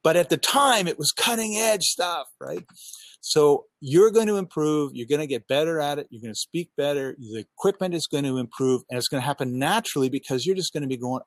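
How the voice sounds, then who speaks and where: A man coaching on podcasting in a casual chat over a headset mic, talking with lively enthusiasm and acting out his own thoughts. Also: medium pitch, brisk, no echo. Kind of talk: casual video call chat. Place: outdoors on a backyard balcony.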